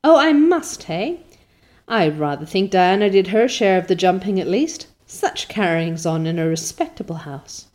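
A woman voicing a stern, prim elderly rich spinster in an audiobook, sharp and snappish. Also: lowish voice, expressive, moderate pace, hardly any pauses, close to an everyday voice. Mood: scornful. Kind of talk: audiobook character voice.

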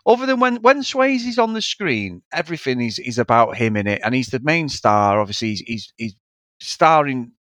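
A man's voice: medium pitch, very animated, normal speed, a bit bright, dry recording. A man co-hosting a film podcast, rambling and swearing freely in casual chat. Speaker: podcast co-host.

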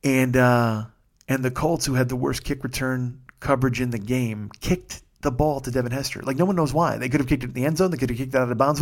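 A man hosting a podcast, from the Chicago area, telling a casual, profane story that swells loud when he gets excited. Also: mid-range voice, brisk. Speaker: podcast host.

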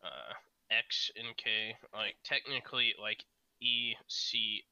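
A man's voice: on the low side, slow pace, vocal fry, pushed and bright, dry recording, muffled recording. A man in casual chat who reasons things through in a thoughtful, analytical way.

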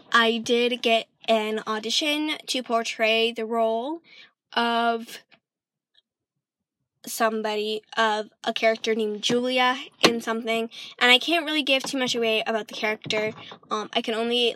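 A young woman from Michigan talks through a rambling, casual vlog, full of ums and restarts, and every so often her words take on a British-sounding lilt. Her voice sits a little high and sounds bright and sharp. The recording is close and dry, with almost no room sound. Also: steady tone, a little slow, dry recording. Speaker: vlogger.

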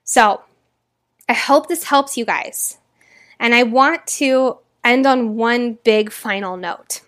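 A young woman with a fairly high voice hosts a motivational podcast. She talks straight to her listeners in an earnest, gushing way and grows emotional as she goes. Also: takes it slowly, fairly bright tone. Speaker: podcast host.

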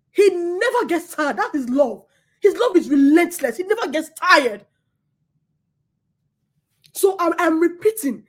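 A woman's voice: extremely high pitch, sing-song, a little slow, long pauses. A woman preaching a sermon with passion, who repeats her words and swings between laughter and near tears.

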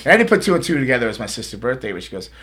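A man's voice: medium pitch, sing-song, racing, fairly bright tone. A man hosting a podcast, telling stories in a rambling way with lots of repeated words and restarts. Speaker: podcast host. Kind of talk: casual storytelling chat.

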